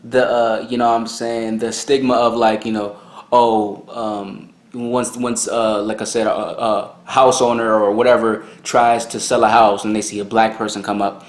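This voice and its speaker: A young man hosting a reaction video, talking casually in an excitable, rambling, slangy way. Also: medium pitch, normal speed. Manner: excitable, rambling, slangy, lots of "you know what I'm saying". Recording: roomy, echoey room.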